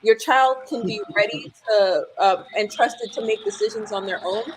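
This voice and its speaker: A woman's voice: medium pitch, normal speed, a little hiss or hum, low-quality recording. A woman guest on a live chat, explaining an idea in a thoughtful, conversational way.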